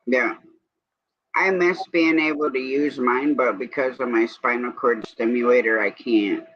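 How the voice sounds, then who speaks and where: A man hosts a casual evening livestream chat, rambling from one everyday topic to another. He has a medium-pitched voice and a measured pace. The stream audio is dull and lo-fi.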